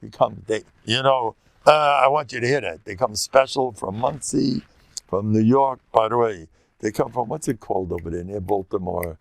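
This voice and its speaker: Delivering a rabbi's lecture as lively storytelling, an older man speaks with vocal fry, restarting haltingly and mixing in Yiddish and Hebrew words. He frequently leaps to a high, excited pitch and laughs at his own tales, on a dry recording.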